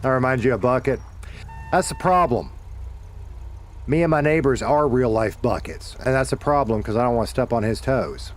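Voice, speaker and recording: Speaking at a normal speed with an expressive, medium-pitched voice, a middle-aged streamer with a Southern accent from the Deep South chats with his audience while playing. He tends to ramble, correct himself, and curse now and then.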